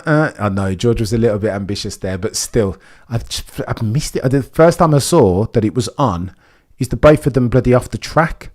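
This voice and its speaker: A man calling a live race stream as a fan, jumping from calm updates to loud pleading shouts. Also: mid-range voice, moderate pace. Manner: swings from calm reading of gaps to loud shouting; fan-like, pleading with drivers, chatty with viewers.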